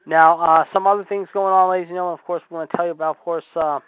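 A man in his forties doing excitable mock wrestling commentary, full of announcer filler phrases. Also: a little high, very fast, smooth, no room sound, phone-quality sound. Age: 40s. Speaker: play-by-play commentator.

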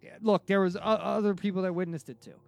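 A man hosting a podcast, telling a story in a casual, excitable way, with frequent restarts and casual swearing. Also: sits high, fast, vocal fry, soft background music. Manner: excitable, many restarts and fillers, swears freely. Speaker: podcast host.

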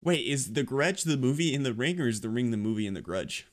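A man's voice: mid-range voice, animated, quick pace. A young man co-hosting a casual podcast, goofy and easily confused, giggling often. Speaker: podcast co-host. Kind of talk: casual chat.

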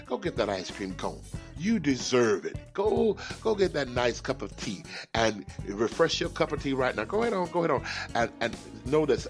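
A middle-aged man hosting a motivational talk show as a life coach, preachy and animated, acting out little voices. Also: lowish voice, moderate pace, soft background music.

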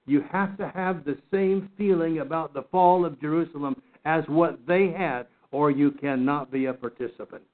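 A man with a high voice teaches a Bible study lesson, pressing his points earnestly and doubling back on his words as he goes. His voice comes through a narrow, phone-like line. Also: moderate pace, hardly any pauses. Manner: earnest, emphatic, repeats and restarts words.

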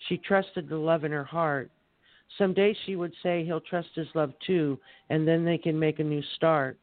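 A man reading his rhyming poem aloud in a measured recital on a live poetry show. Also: fairly high pitch, fairly even intonation, no room sound. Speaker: poet reading on air. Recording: tinny phone line.

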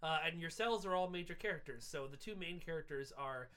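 A man's voice: on the high side, a little fast, a bit bright, clean tone. A man co-hosting a casual podcast, animatedly retelling scenes and acting out lines. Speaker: podcast co-host. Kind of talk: casual chat.

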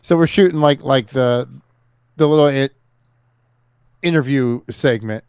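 A man with an average pitch co-hosts a casual podcast and tells anecdotes in a relaxed way. The recording is dry and close, with no room echo. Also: measured pace, clear, resonant tone. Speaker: podcast co-host. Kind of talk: casual chat.

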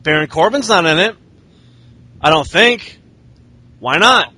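A man's voice: high-pitched, lively intonation, a little slow, bright, forceful tone, breathy edge. A man casually recapping wrestling shows in a sardonic, profane way. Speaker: podcast host.

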